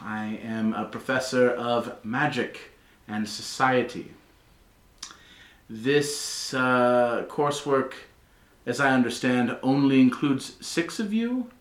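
A man's voice: medium pitch, takes it slowly, lightly acted. A man voicing a younger female professor who is formal and politely pointed. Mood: coolly polite. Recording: roomy echo.

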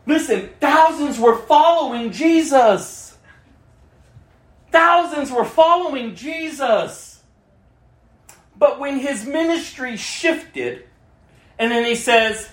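An impassioned woman preacher whose pitch swings widely as she drives each point home. She repeats her phrases for emphasis and slips into the voices of the people she quotes. Her voice rings out in an echoey church room. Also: lively intonation, takes it slowly, pauses often. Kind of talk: sermon.

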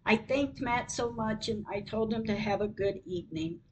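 An older woman hosting a podcast, reading a personal story aloud in a slow, measured way. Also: on the high side, a little mellow, a little hiss or hum, low-quality recording. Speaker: podcast host.

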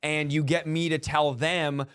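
A man hosting a Christian podcast, talking in an animated, preacherly way and chiming in with quick affirmations. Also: on the high side, clean tone, dry recording, studio quality. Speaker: podcast host. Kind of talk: casual Christian podcast talk.

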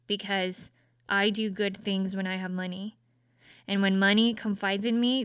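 Earnest young woman, smooth dry voice. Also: medium pitch, dry recording. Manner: earnest, self-searching, frequent "like" fillers. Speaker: podcast host. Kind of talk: casual reflective monologue.

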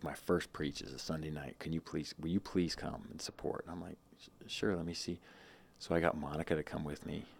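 Deep-voiced man telling a rambling story. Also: little pitch movement, a little fast, vocal fry, slight background noise. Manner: rambling, many restarts and quoted asides. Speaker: guest. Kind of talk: casual storytelling.

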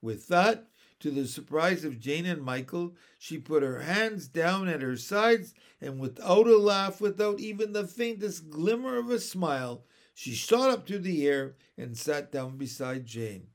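Male narrator, storybook reading, slightly high voice, very animated pitch. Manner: expressive, unhurried reading. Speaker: audiobook reader.

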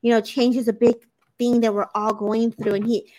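A woman's voice: fairly high pitch, flat delivery, normal speed, mellow. A woman hosting a live psychic chat on a video call, talking in an effusive, gushing and emotional way. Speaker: psychic medium, live-stream host. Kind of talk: casual live-stream chat.

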